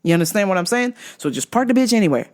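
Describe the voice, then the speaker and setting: A woman's voice: medium pitch, sing-song, rapid-fire, a little mellow. A woman hosting a comedy podcast, telling a story with profane, exaggerated delivery. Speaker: podcast host.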